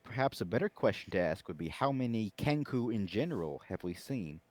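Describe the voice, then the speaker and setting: A man's voice: fairly low pitch, lively intonation, brisk, a little mellow. A man playing a tabletop game in character, playful and teasingly mock-formal. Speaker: tabletop player.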